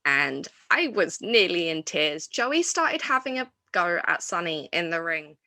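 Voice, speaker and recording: A woman's voice: lowish voice, very animated, measured pace, pushed and bright, no room sound. A woman hosting a wrestling review show, chatting casually and enthusiastically, rambling with restarts and fillers. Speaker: wrestling podcast host.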